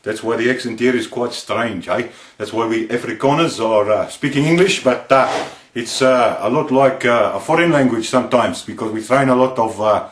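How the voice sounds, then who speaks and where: A man playing a chatty Afrikaner man with a South African accent. He talks in a halting, filler-heavy way. It sounds recorded in an echoey room. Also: mid-range voice, natural voice. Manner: chatty, hesitant. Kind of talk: comic accent impression. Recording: roomy echo.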